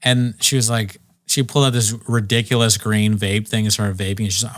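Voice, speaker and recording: A man's voice: on the low side, level tone, fairly quick, hardly any pauses. Rambling young man telling stories. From Virginia. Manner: rambling storyteller, acts out quoted people. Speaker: podcast co-host. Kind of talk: casual comedy podcast chat.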